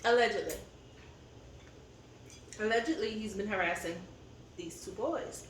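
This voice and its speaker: A woman's voice: mid-range voice, measured pace. A woman talking candidly over a meal, her words rambling and unpolished as she vents. She sits back from a camera in a roomy space, with a faint hum of ambience behind her. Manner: candid, venting, rambling with fillers. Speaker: co-host of a family eating channel. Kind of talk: casual chat over a meal. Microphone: camera set up at a distance. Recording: roomy echo, distant mic, faint ambience.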